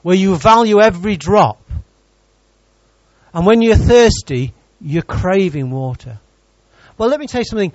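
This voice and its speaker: At normal speed and in a high voice, a lively pastor delivers a sermon, teasing and joking with the congregation between his points. The recording is dry, with the highs cut off.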